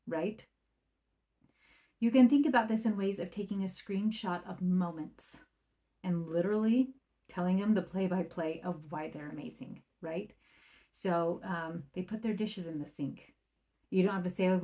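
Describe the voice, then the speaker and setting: A woman's voice: medium pitch, normal speed. Chatty woman parenting coach podcasting. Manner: conversational, often adds "right?"; acts out quoted remarks in a livelier or softer voice. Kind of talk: solo podcast talk.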